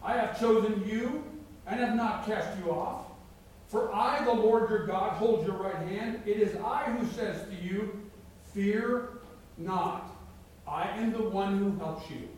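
A man's voice: high-pitched, slow pace, a little mellow, a little hiss or hum. A middle-aged man preaching a sermon as a pastor, reading scripture aloud with emphatic rises. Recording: very echoey hall, mic far off.

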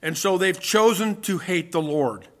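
A man's voice: sits high, a little slow. A man preaching a sermon to his congregation, emphatic and full of rhetorical questions. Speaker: pastor.

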